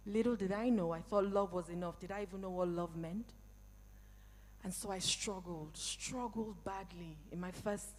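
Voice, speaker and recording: A woman's voice: medium pitch, a little mellow, big-room sound. A woman in her forties or older giving a personal, emphatic motivational talk, speaking straight to a live audience. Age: 40s or older. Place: event hall.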